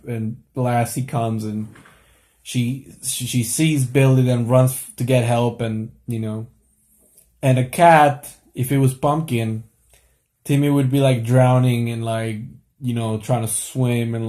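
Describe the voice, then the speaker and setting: A man's voice: mid-range voice, mellow. A young man talking casually to camera late at night, rambling with lots of fillers and restarts.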